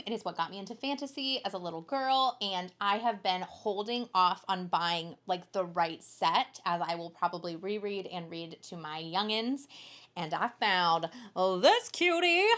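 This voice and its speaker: A woman's voice: mid-range voice, expressive, moderate pace, a bit bright. A young woman co-hosting a book haul video, chatting casually and bubbly, with lots of "like" and the odd swear word. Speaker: booktuber co-host. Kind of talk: casual chat.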